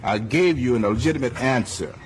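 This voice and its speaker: A man's voice: medium pitch, a little fast. A man, a city councilman, angrily refusing questions in a news interview and repeating profane threats. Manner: angry, threatening, profane, repetitive.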